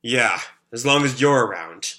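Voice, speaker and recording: A man's voice: mid-range voice, animated, a little slow, bright, forceful tone. A man with a sore throat reading a manga aloud, putting on the voice of a grief-stricken, self-blaming young man who pleads in a strained, raised voice. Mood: anguished. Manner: raises his voice and pleads when reading emotional lines.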